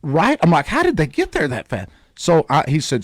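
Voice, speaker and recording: A man's voice: fairly high pitch, normal speed, dry recording. A man hosting a radio show, telling a long story in casual talk and acting out the voices of the people in it. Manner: animated storyteller, acts out quoted voices.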